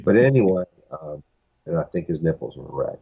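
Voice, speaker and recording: A podcast guest with a low, creaky, slightly rough voice tells a long, rambling anecdote, acting out other people's lines in quoted dialogue. His intonation is lively and his pace a little fast. The sound is phone-quality.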